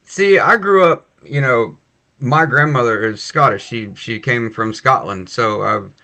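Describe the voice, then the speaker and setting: A man hosting a casual podcast, chatty and relaxed, laughing often. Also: medium pitch, a little slow, vocal fry. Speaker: podcast host.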